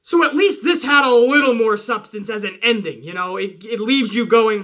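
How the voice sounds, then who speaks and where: A man hosting his own channel, giving a casual, profane review, emphatic and jumping up in pitch when worked up. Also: normal speed, hardly any pauses, fairly bright tone. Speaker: wrestling show reviewer, channel host.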